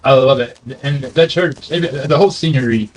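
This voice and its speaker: A man's voice: medium pitch, moderate pace, slight background noise, rough recording. A man from the United States with a Southern American accent, hosting a casual interview with curious questions. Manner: easygoing, curious, reads facts aloud. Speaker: host.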